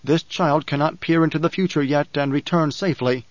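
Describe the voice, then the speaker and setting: A man reading an audiobook, voicing a boy possessed by his dead father, speaking gravely and slowly. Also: a little high, steady tone, no room sound, natural voice. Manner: grave, slow, halting. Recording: dry, slightly dull studio recording.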